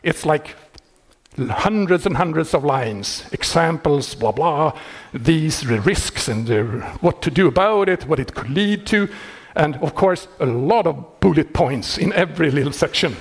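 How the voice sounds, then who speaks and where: A man who maintains a software project, talking casually and wryly, laughing often and restarting his sentences. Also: a little high, unhurried, slightly rough. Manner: wry and animated, laughing often, many restarts. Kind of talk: casual explanatory talk.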